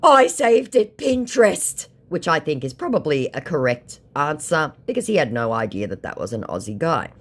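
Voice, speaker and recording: A woman sarcastically recounting a chat with a scammer, mocking and animated as she acts out both sides. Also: rumbling low, brisk, hardly any pauses. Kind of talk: sarcastic storytelling.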